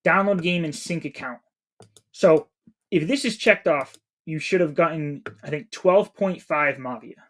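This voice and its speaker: A man's voice: fairly high pitch, a little slow. A man in his thirties from New England, chatting casually with his live-stream chat while he plays a game. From New England, USA. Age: 30s. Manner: chatty, reads chat aloud while playing.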